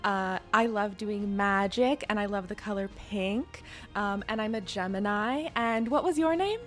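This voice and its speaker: A woman's voice: mid-range voice, measured pace, faint music behind. A woman playing a tabletop role-playing game, speaking in character in a bubbly, gushing way. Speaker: player.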